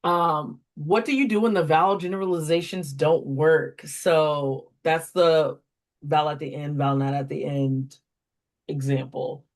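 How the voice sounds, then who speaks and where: A woman's voice: low-pitched, fairly even intonation, measured pace. A woman walking through reading correction steps as a tutor trainer, explaining step by step with fillers while pointing at examples. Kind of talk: instructional walkthrough.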